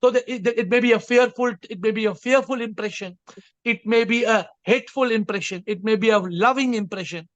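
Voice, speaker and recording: A man's voice: sits high, a little fast, a bit bright, dry recording, lo-fi sound. A man leading an online group call as a spiritual teacher, explaining emphatically and repeating his phrasing. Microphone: video call.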